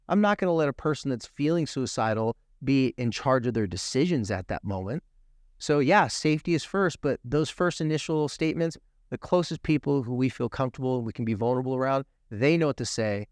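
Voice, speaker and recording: A man's voice: mid-range voice, animated, fairly quick, no room sound, clean studio sound. A man appearing as a guest on a TV talk show, telling a personal story earnestly and emphatically, acting out the quoted dialogue. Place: TV studio.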